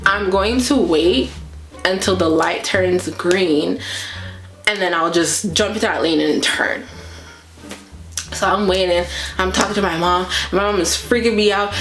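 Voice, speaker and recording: A woman's voice: fairly low pitch, a little slow, echoey room, soft background music. A woman vlogger casually telling a story, acting out her own reactions as she goes. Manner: animated retelling that acts out her own reactions.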